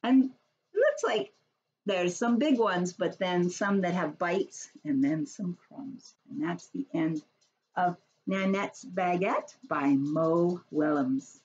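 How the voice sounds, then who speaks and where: A woman's voice: on the low side, slow. Preschool teacher lady reading to little kids at home, kinda muffled recording, faint hum behind. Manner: gentle, expressive storytelling to small kids. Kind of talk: reading a picture book and chatting to young children.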